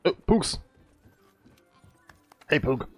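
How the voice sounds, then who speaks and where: A man hosting a let's play, giving relaxed commentary with mumbled asides. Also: very slow, faint music behind. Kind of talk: casual gameplay commentary.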